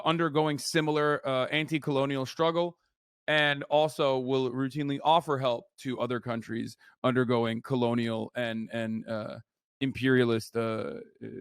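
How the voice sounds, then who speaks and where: A man's voice: mid-range voice, a bit bright, smooth, no echo, clean studio sound. A man streaming his reaction to a video, ranting animatedly and sarcastically with lots of swearing. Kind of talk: casual profane commentary.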